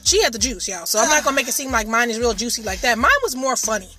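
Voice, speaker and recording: A woman's voice: on the high side, fast talker, music in the background. A middle-aged woman co-hosting a podcast in casual chat, telling stories expressively with dramatic shrieks. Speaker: podcast co-host.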